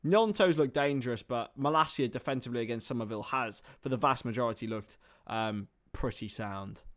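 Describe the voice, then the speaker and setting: A young man hosting a live football watchalong, mixing play-by-play commentary with rambling chatty asides and getting excited on chances. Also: medium pitch, brisk.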